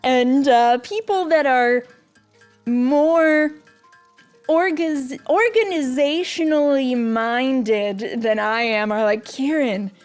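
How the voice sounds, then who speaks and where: Slow, goofy young woman streamer. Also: sits high, clear, resonant tone, faint music behind. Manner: goofy, self-mocking, giggly. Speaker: VTuber streamer. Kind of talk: casual game stream chat.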